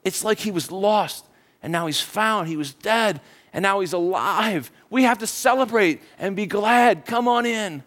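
A man's voice: very high voice, lively intonation, unhurried, hardly any pauses, clean tone, long reverb tail, voice pushed up. A man voicing a wealthy father who gives eager orders to his servants and pleads with his older son. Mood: pleading.

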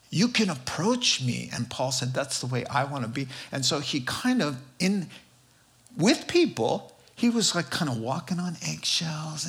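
A man preaching a sermon in an animated, jokey way, acting out quotes with big swings in his voice. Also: a little high, gravelly.

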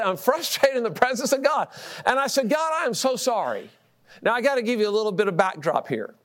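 A middle-aged man preaching a sermon, telling a personal story with lively delivery, repeating words and laughing at himself. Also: high-pitched.

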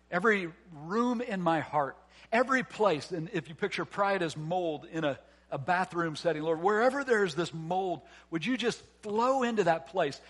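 A man with a notably high voice preaches a sermon as pastor. He asks the congregation questions and answers them himself, climbing to fervent, emphatic peaks before falling back to hushed, quiet phrases. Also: breathy edge. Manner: earnest preaching with rising emphatic builds and soft drops.

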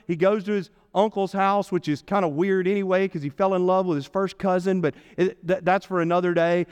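A man preaching a sermon as pastor, telling a Bible story with playful asides and lively delivery. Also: sits high, a little fast, clear, resonant tone. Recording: long hall reverb.

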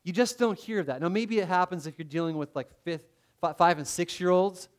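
A man's voice: high-pitched, brisk. A middle-aged man preaching a sermon in a conversational way, often restarting his phrases and acting out the voices he quotes. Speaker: pastor.

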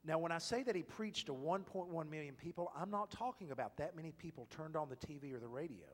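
A male pastor preaching a sermon, swinging from loud, emphatic exhortation to hushed whispers. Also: on the high side, lively intonation, fast talker. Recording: long reverb of a large hall.

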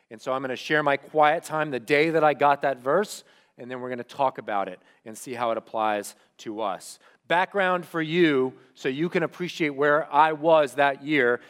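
A young male pastor tells a story from the pulpit, his voice sitting a little higher than most men's. He swings between loud, animated retelling and quiet, reflective asides as he preaches. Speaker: student pastor. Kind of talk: sermon.

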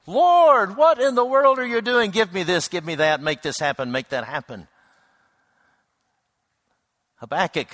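A man preaching a reflective sermon, unhurried, with frequent hesitant restarts. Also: a little high, sharp tone, no echo, clean studio sound.

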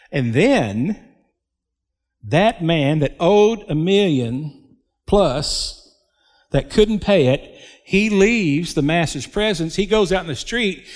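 A man preaching a sermon as a pastor, slow and emphatic, with dramatic pauses. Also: fairly high pitch. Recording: long hall reverb.

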